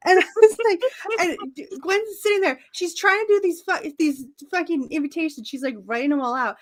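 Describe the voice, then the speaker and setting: A podcast co-host with an extremely high voice recaps a comic on a casual chat show, speaking fairly quickly with few pauses. She acts out the characters, laughing and swearing frequently.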